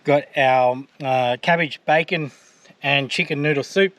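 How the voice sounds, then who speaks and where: Cooking for his vlog, an Australian man keeps up loose, joking chatter full of fillers. He speaks at a moderate pace in a mid-range voice that's a bit bright, with slight background noise in the recording.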